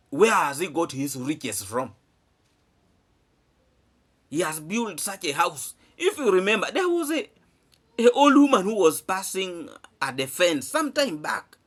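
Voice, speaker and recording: A man's voice: sits high, fairly bright tone. A man giving emphatic vlog commentary, repeating phrases and asking rhetorical questions. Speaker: vlogger. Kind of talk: animated commentary to camera.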